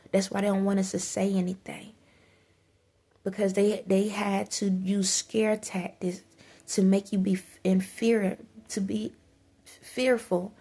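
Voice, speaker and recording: A woman's voice: mid-range voice, gravelly, dark tone, breathy edge. A woman giving spiritual advice in a vlog, urging listeners on with emphatic repetition and frequent stumbles and restarts. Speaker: spiritual vlogger. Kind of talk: preachy spiritual advice monologue.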